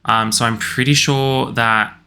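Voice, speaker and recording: A man's voice: mid-range voice, fairly even intonation, unhurried, creaky, sharp tone, a little hiss or hum. A young man chatting through a life-sim game, rambling and acting out what the characters say. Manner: chatty, rambling, quotes characters in a slightly raised voice. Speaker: let's play host. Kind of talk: casual commentary voicing game characters.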